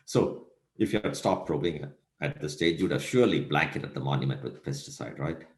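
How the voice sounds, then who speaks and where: A male lecturer with a low voice that rises and falls a lot as he tells a story. He keeps asking his listeners rhetorical questions. The sound rings a little, as in an echoey room. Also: animated, brisk. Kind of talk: recorded lecture.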